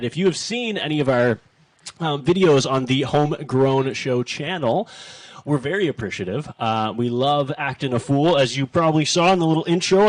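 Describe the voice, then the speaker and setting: A chatty man hosts a casual live stream and sounds a little nervous, joking at his own expense. His voice sits at an ordinary middle pitch. He is picked up from a few steps back from the mic in a dry room. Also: no room sound, recorded from a distance. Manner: chatty, self-deprecating, loud and excitable. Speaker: host.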